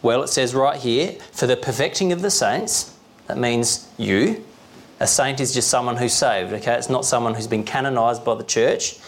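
A man's voice: medium pitch, steady tone, normal speed, a little hiss or hum. A young man preaching a sermon as pastor, explaining plainly in a conversational way, often checking in with the congregation and chuckling now and then. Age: young adult.

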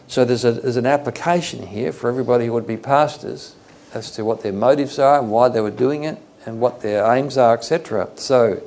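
With a mid-range, slightly mellow voice, a man from Australia preaches through a Bible study casually, using fillers as he pauses to unpack the passage.

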